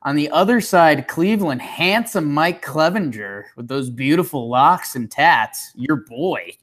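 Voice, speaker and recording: A young man co-hosts a sports podcast and recaps the game in an easy, joking manner. His voice sits a bit higher than most men's. He keeps the tone loose and conversational. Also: expressive, a little slow, a bit bright. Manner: laid-back, recaps the game, teasing. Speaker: podcast co-host. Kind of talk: casual sports chat.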